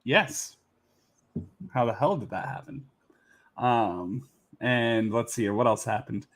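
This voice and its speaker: A man co-hosting a podcast who tells his story hesitantly, with many pauses and ums. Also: mid-range voice. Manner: hesitant, with frequent ums and restarts. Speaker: podcast co-host. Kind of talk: casual chat.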